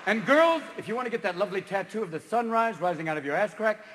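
A man from California doing a live stand-up routine on stage, talking manically and shouting as he jumps between silly voices. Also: high-pitched, animated, fast talker, background noise. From Marin County, California, USA. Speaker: stand-up comedian. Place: stage in a large theater. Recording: reverberant live hall with ambience.

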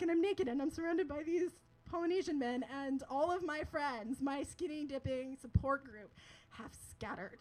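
High-voiced young woman telling a story. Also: expressive, normal speed, rough recording. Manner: chatty, laughs often, lots of "like" fillers. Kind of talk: live personal storytelling.

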